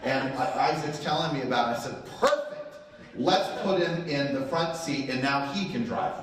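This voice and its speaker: A man's voice: medium pitch, normal speed. A middle-aged man giving a motivational training talk to a live audience, telling a story and acting out the quotes. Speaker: real estate training speaker. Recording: very echoey room, voice far from mic.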